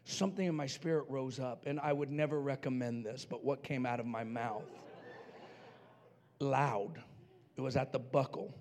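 A middle-aged male pastor from New Mexico telling a story in a sermon, playfully acting out voices and swinging from quiet asides to shouting. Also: medium pitch, moderate pace. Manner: playful, acts out voices in his stories.

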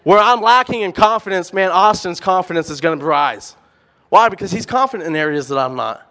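A young man preaching a sermon, animated and emphatic, firing off rhetorical questions and repeating words. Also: sits high, fairly quick.

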